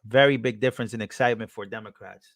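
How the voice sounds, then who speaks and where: A man's voice: on the low side, fairly even intonation, quick pace, a bit bright, dry recording, studio quality. Casual man hosting a live stream. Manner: casual, repetitive, reacts to clips. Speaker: livestream host.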